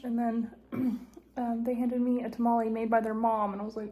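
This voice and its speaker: A woman hiker chatting casually to her phone camera, gushing and often dropping into a hushed half-whisper. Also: a little high, steady tone, fast, gravelly, breathy edge. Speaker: long-distance hiker vlogging. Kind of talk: casual vlog chat.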